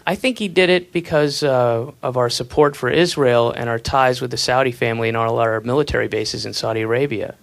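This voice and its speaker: Talking fairly quickly with few pauses, a stand-up comedian from the US rants with profanity and sarcasm, dropping mocking whispered asides. His voice is medium-pitched with vocal fry. The live club recording captures a laughing audience on the comedy club stage, plus murmur and faint noise.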